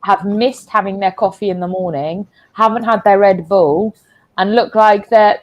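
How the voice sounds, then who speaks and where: A young woman co-hosting a football watchalong, tipsy and sweary, with loud outbursts at the play. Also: medium pitch, normal speed. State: tipsy from drinking. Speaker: co-host of a football watchalong stream. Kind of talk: casual live match commentary.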